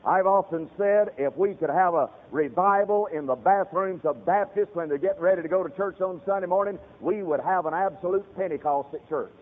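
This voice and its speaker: A male preacher delivering a fiery, storytelling sermon, calling out to his congregation directly. His voice sits high, and the sound is thin and tinny, like a radio broadcast. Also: brisk, hardly any pauses, in a large hall.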